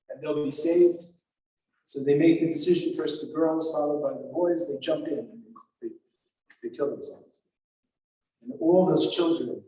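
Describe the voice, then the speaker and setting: Rabbi, male, earnest and emotional lecture on lament poems; soft, warm tone, picked up from far off in a reverberant sanctuary. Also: fairly high pitch. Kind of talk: explaining liturgical lament poems. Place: synagogue sanctuary. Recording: very echoey hall from far off.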